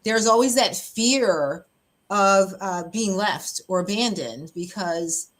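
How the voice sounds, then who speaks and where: A woman pastor hosting a podcast, telling a personal story in an open, animated way, often laughing and acting out what others said. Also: mid-range voice, slow.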